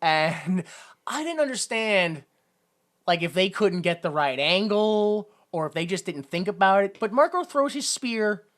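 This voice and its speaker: A woman's voice: mid-range voice, expressive, a little slow. A woman co-hosting a podcast, recapping a film in rambling casual chat, swearing and acting out silly quotes. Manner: rambling, laughing, swearing, acts out quotes in a goofy raised voice. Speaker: podcast co-host.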